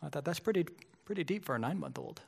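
A male pastor delivering a sermon in a fairly high voice. He talks to the congregation in a relaxed, conversational way and builds to emphatic moments. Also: fast talker, creaky, breathy edge. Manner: conversational preaching, rising to emphatic.

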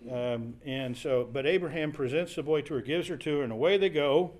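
A man with a brisk, a little mellow voice on the high side teaches a Bible study class, explaining scripture conversationally. He thinks aloud with fillers and restarts while paraphrasing the scripture.

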